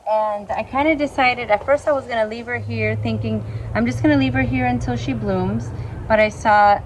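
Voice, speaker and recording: A woman's voice: a little high, steady tone, moderate pace, background noise. Chatty woman vlogging outdoors. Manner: chatty, enthusiastic, talks to viewers as "guys". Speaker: orchid vlogger. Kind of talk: casual chatty demonstration. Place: outdoors in the sun and wind.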